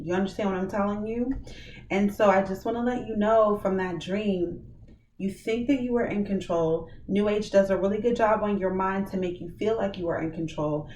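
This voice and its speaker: A woman of average pitch shares a dream and then preaches to her viewers in a loose, conversational way. She acts out what she said in the dream with lively bursts. The sound is roomy and a little distant from the mic, with a faint hiss behind her. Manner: animated storytelling, acts out her own dream dialogue. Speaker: ministry vlogger. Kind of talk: casual testimony and preaching.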